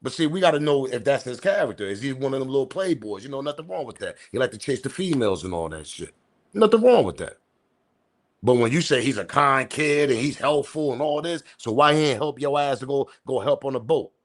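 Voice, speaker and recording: A man's voice: medium pitch, expressive, fast, hardly any pauses. A man hosting a live-stream commentary show, talking in incredulous, argumentative street slang. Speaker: commentary channel host.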